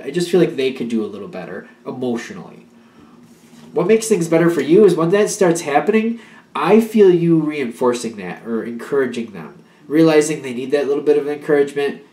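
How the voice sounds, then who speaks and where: A man's voice: mid-range voice, a little mellow, reverberant. A man giving a casual spoken tarot reading. He rambles and restarts as he talks, and now and then acts out an imagined partner's pleas. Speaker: tarot reader.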